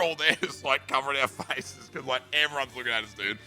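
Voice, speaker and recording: A man's voice: medium pitch, quick pace, bright, forceful tone, soft background music. A young Australian man casually telling a rambling, sweary school story, full of bro and dude. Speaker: streamer.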